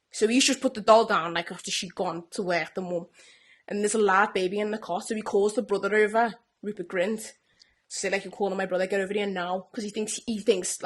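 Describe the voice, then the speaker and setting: Retelling a TV show's plot, this young podcast co-host speaks with a middle-range pitch and an energetic, animated delivery. She slips into small performed voices for the characters, and her speech is relaxed, full of "like" and "yeah?".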